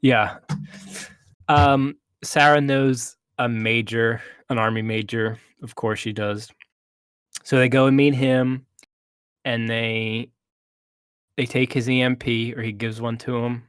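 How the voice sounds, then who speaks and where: A man's voice: mid-range voice, flat delivery, takes it slowly, long pauses, a bit bright, clean tone, no room sound, studio quality. A man co-hosting a casual movie review chat, retelling the plot with hesitations and restarts.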